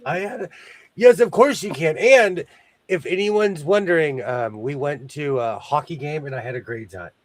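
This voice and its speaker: A man's voice: on the high side, moderate pace, no echo. A man hosting a live sewing stream over a video call, chatty and self-mocking, greeting viewers by name. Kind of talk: casual chat.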